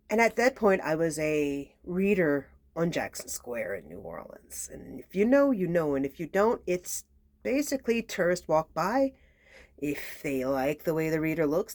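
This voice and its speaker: Woman, lowish voice, dry close sound, chatty and sassy, talks straight to viewers, slips into soft whispers. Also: no echo. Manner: drops into soft near-whispers at times. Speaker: tarot reader and channel host. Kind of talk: casual spoken storytelling.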